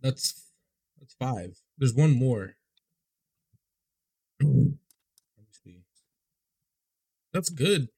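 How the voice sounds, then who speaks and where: A man's voice: medium pitch, lively intonation, very slow, long pauses, dark tone, husky. A man co-hosting a podcast in casual chat, laid-back, swearing and laughing often. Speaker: podcast co-host.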